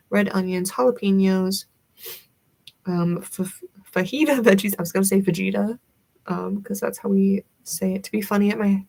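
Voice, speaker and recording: A young woman with a light Southern accent chats casually with her livestream audience. Her voice carries a gravelly vocal fry, and she rambles with fillers and giggles, her pitch sitting right in the middle. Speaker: livestream host. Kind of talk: casual chat with viewers.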